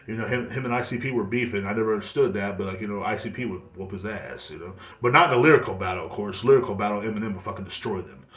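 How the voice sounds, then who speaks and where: A man in his thirties hosting a podcast, rambling bluntly in casual monologue and swearing freely. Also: fairly low pitch. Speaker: podcast host. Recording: echoey room.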